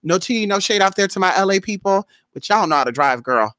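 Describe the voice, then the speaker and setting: Animated, exclamatory woman telling a story. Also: medium pitch, fairly quick, no room sound. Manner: animated, exclamatory, swears freely, acts out her own reactions. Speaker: spiritual vlogger. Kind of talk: casual storytelling to viewers.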